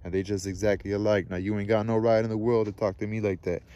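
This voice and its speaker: A man reading a novel aloud, voicing a calm, firm mother who speaks with steady insistence. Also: lowish voice, quick pace, lo-fi sound, close to an everyday voice. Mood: heated.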